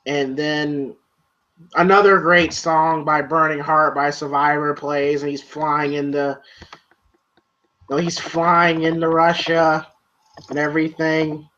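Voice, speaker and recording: Rambling man with a bright voice. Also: a little high, little pitch movement, slow, slight background noise. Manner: rambling, heavy on filler words. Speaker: movie reviewer. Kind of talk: casual podcast chat. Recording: dull lo-fi sound.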